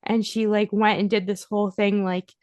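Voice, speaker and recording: A woman's voice: medium pitch, moderate pace, no echo. Woman telling a story, dry close sound. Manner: animated storyteller, heavy use of "like". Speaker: podcast guest. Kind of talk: casual storytelling interview.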